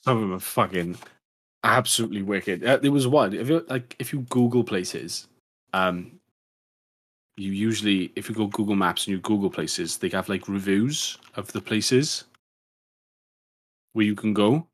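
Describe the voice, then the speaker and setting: A man's voice: fairly low pitch, normal speed, long pauses. A man co-hosting a podcast in casual chat, rambling and swearing, with many restarts. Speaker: podcast co-host.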